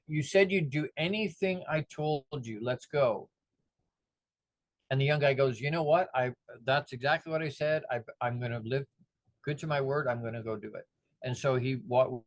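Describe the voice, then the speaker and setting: Animated man giving a motivational talk. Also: fairly high pitch, no echo. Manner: animated, acts out the voices of people in his stories. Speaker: motivational speaker.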